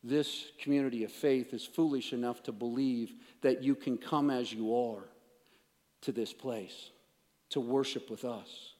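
A man preaching a sermon, emphatic, swinging between raised declarations and hushed, intense passages. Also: mid-range voice, steady tone, unhurried. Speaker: pastor. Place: church sanctuary. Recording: long reverb of a large hall.

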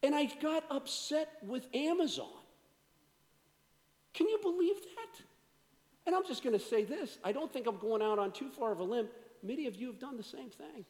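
A man preaching a sermon as a pastor, swinging from energetic to hushed delivery. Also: very high-pitched, a little fast, in a large hall.

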